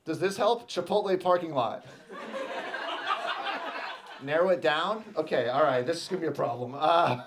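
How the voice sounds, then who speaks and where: Man, stand-up comedian, thirties, from Texas, slightly high pitch, faint room noise. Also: moderate pace, long pauses. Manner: animated, acts out voices. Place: comedy club stage.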